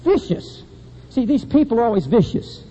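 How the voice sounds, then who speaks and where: A middle-aged man preaching a sermon with impassioned delivery that swings between high and low emphasis. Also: big pitch swings, normal speed, warm tone, husky. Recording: dull lo-fi recording in a reverberant hall.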